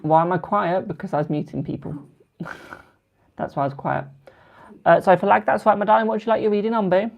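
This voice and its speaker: Gravelly-voiced British man reading tarot. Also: sits high, steady tone, brisk, long pauses, a little mellow, highs cut off. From United Kingdom. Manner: chatty, calls viewers "my darling". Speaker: tarot card reader. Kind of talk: live-stream chat with viewers.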